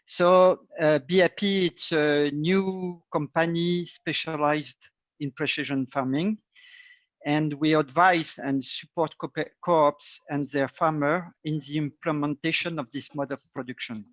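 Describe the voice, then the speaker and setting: A man with a French accent, a native French speaker, reads a prepared company introduction carefully and haltingly. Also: fairly high pitch, steady tone, no echo. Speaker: company director. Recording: dry, dull lo-fi call audio.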